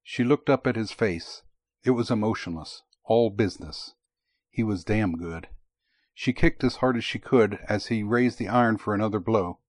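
Low-voiced man narrating an audiobook. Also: no echo.

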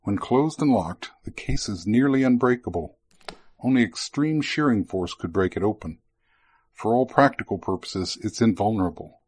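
A man voicing an excitable male lizardfolk technologist who keeps explaining his gadgets in an audiobook. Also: lowish voice, moderate pace, breathy edge, no echo. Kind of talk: audiobook character voice.

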